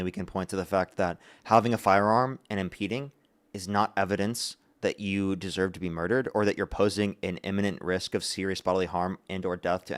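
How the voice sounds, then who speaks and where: Male streamer host, low voice, fast combative delivery. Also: no room sound. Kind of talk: livestream debate.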